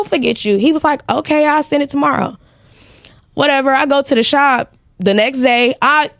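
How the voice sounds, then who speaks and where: A woman with a fairly high voice tells a story casually, speaking. She acts out quoted dialogue in lively bursts. The recording is dry and close, with no room sound. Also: dry recording. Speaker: guest, credit repair business owner. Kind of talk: casual storytelling in a podcast interview.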